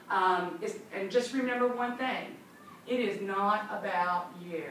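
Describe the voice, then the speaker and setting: A woman's voice: mid-range voice, fairly bright tone. Upbeat woman trainer in echoey room. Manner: upbeat, chatty, acts out little scenes. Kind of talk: classroom training session. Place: training classroom. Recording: echoey room from far off, noisy.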